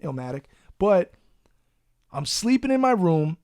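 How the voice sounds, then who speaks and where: A man, hosting a podcast and telling a profane, animated story in a casual way. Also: high voice, unhurried, no room sound, clean studio sound. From Long Island, New York. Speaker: podcast host.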